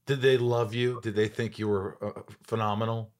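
A man's voice: on the low side, flat delivery, moderate pace. A man hosting an interview, reacting briefly and asking eager follow-up questions. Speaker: host. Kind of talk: casual interview.

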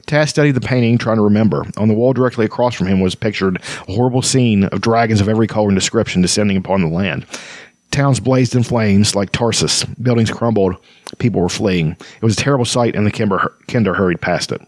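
A man reading a fantasy novel aloud in a relaxed way, stumbling now and then and breaking off for chatty asides. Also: lowish voice, quick pace, dry recording, studio quality. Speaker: reader.

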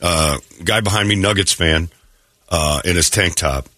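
A man's voice: low voice, a little slow, sharp tone, no room sound, clean studio sound. A man hosting a morning radio show, rambling through casual stories and acting out what people said. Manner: rambling storyteller, acts out quotes. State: clearing throat. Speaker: radio host. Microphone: studio mic.

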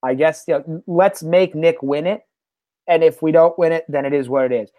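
Fired-up Philly podcast host, dry sound. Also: male voice, on the high side, moderate pace, warm tone, no echo. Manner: upbeat, fired up. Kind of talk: casual sports podcast chat.

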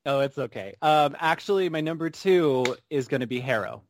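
A man co-hosting a casual podcast chat, animated and quick to laugh. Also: on the high side, slight background noise. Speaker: podcast co-host.

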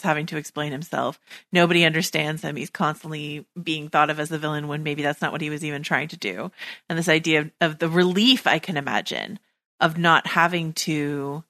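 Low-voiced woman host, dry close sound. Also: a bit bright, no echo. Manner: enthusiastic, searching for words with many likes and ums. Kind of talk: casual podcast conversation.

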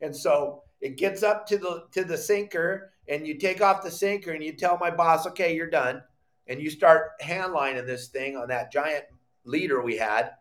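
A middle-aged man hosting a live fishing podcast, telling a story with lively acted-out quotes and bursts of shouting. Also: on the high side, moderate pace. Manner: animated storyteller, acts out quotes, shouts when excited. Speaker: podcast host.

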